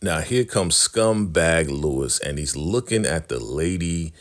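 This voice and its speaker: A man casually recapping a TV episode, retelling scenes and acting out the characters' lines in quick, chatty bursts. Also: rumbling low, lively intonation.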